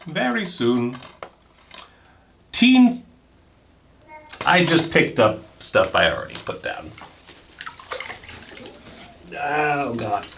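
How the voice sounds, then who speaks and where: A man chatting casually while he unboxes films, excitable and jokey, often bursting into high-pitched exclamations. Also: a little hiss or hum. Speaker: film vlogger.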